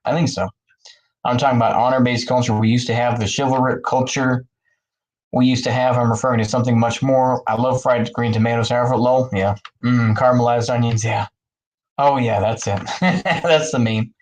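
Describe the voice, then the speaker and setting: A man's voice: mid-range voice, fairly even intonation, moderate pace, darkish tone, rough recording. A man rambling in a casual chat with his viewers, full of fillers and frequent laughs, talking from his bathtub. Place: bathroom, in the bathtub.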